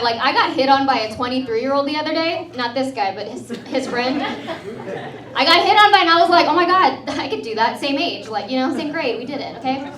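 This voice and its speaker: High-voiced woman doing stand-up. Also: background noise. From Texas. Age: 30s. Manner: chatty, sarcastic, laughs at her own jokes. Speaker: stand-up comedian and host. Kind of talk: stand-up comedy set. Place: comedy club in front of a live audience. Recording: roomy club sound from a distant mic, audience laughter. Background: crowd laughing and cheering.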